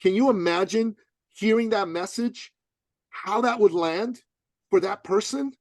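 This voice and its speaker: Podcast guest, male, slightly high voice, emphatic and slangy, acts out dialogue, dry close sound. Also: unhurried, dry recording. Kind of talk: animated storytelling.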